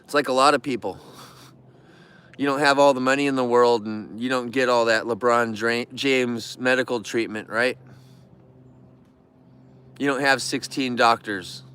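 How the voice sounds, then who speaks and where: A man's voice: medium pitch, pushed and bright, clear, resonant tone. A man vlogging casually to the camera about his bears, in an emotional, rambling and earnest way, at times turning bitter and heated. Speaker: vlogger who keeps bears.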